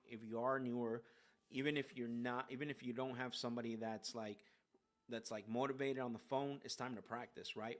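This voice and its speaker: A man giving casual live sales coaching, rambling and restarting his sentences, often tagging them with "right?". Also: mid-range voice. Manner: rambling, filler-heavy, keeps asking "right?".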